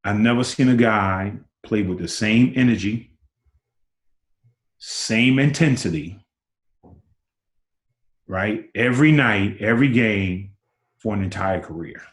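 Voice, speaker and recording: A man in his sixties with a low voice tells stories as an interview guest. He acts out other people's lines with sudden leaps in pitch and repeats words as he builds up. The sound carries a roomy echo. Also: slow, pauses often. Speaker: interview guest, former basketball player. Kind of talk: animated storytelling.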